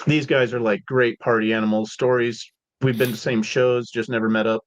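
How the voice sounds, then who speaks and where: A laid-back man from Seattle tells stories as a podcast guest, his speech loose and slangy and full of "like" and "dude". His voice sits at an ordinary pitch. The audio is dry and a little dull. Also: flat delivery, normal speed, no room sound. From Seattle, USA. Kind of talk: casual storytelling.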